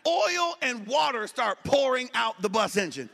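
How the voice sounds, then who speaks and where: A man performing stand-up comedy, telling a story in an animated way and shouting his punchlines. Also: very high-pitched, normal speed, gravelly, few pauses, long reverb tail. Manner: animated, shouts punchlines, drawls quoted voices.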